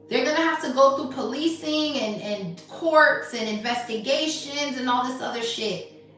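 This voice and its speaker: Woman, tarot reader, blunt, sassy, profane, bright high voice, off mic, heavy echo, faint music behind. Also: recorded from a distance. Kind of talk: spiritual tarot reading.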